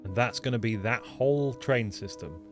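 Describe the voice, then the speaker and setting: A man's voice: medium pitch, moderate pace, over music. An English man with a mixed, mostly Lincolnshire accent, chatting loosely as he streams a game, full of ums and restarts. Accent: mixed English, mainly Lincolnshire. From England. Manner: rambling, self-deprecating, frequent ums and restarts. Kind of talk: casual livestream chat while playing. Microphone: desktop microphone.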